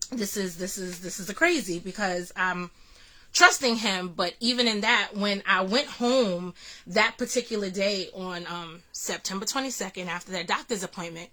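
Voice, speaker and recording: A woman's voice: medium pitch, bright, forceful tone. A woman vlogger earnestly recounting a personal experience, full of restarts and fillers. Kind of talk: personal storytelling vlog.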